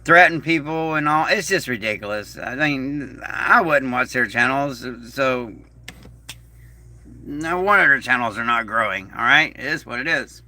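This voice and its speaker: A man hosting a casual livestream in a slow, rambling, folksy way, reading out viewer messages. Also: mid-range voice, expressive, pushed and bright, dry recording. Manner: slow, rambling, folksy, reads chat aloud. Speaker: YouTube channel host.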